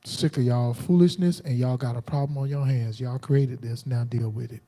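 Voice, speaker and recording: A man preaching a combative, defiant sermon on a livestream, jumping into sudden high outbursts. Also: steady tone, normal speed, warm tone. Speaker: preacher streaming live.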